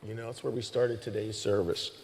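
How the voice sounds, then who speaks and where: A man's voice: fairly low pitch, flat delivery, fairly quick, in a large hall, a little hiss or hum. A man, the pastor hosting the service, giving an informal sermon talk to the congregation in a conversational way full of restarts. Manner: conversational, with many restarts and "you know"s. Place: church stage.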